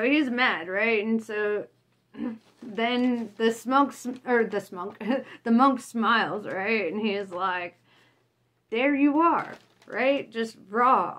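A woman's voice: fairly high pitch, a bit bright. A woman vlogger reading her own reflection aloud casually, blunt, often laughing and tagging lines with "right?".

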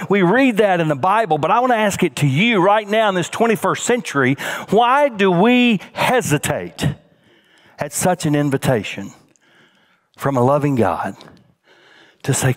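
A man's voice: sing-song, moderate pace. Man preaching with swinging dynamics. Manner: dynamic preaching, swinging from emphatic highs to soft, hushed lows. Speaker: senior pastor. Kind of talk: sermon.

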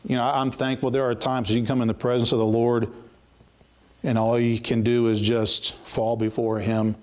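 A pastor preaches a sermon in a mid-range, level, slightly mellow voice at normal speed. He reads scripture aloud in King James wording, then paraphrases it plainly and earnestly, often restarting his sentences.

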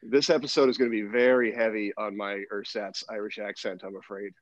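A man's voice: fairly low pitch, little pitch movement, a little fast, dry recording. Wry, jokey male co-host; dry, dull lo-fi mic. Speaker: podcast co-host. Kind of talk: casual chat.

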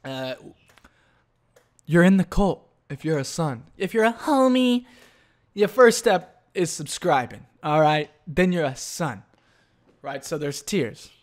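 A man's voice: fairly high pitch, expressive, slow. A young man hosting a solo podcast, ranting in a profane, rambling way and often breaking off mid-thought. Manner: profane, rambling, self-interrupting. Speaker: podcast host.

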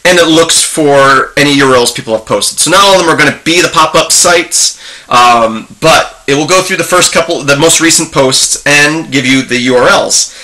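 Chatty rambling man with a bright voice. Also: on the high side, moderate pace. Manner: rambling, chatty, many restarts and ums. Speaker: tech video host. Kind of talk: casual screen-share talk.

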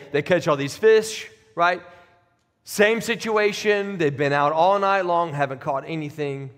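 A man's voice: on the high side, in a large hall. A man preaching a sermon as pastor, in a conversational, plain-spoken way that builds to emphatic peaks. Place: church sanctuary.

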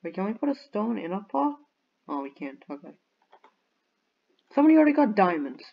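A young woman giving bubbly, excitable commentary on a video game and cheering at her finds. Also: medium pitch, brisk, vocal fry, muffled recording. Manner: bubbly, excitable, squeals and shouts in surprise. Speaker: gaming YouTuber.

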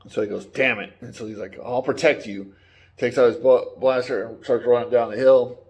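A man's voice: medium pitch, steady tone, normal speed, a little mellow. A man giving a casual, rambling spoiler recap of a TV episode, swearing now and then and acting out the characters' lines. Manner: rambling, swearing, acts out quotes. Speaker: YouTube reviewer.

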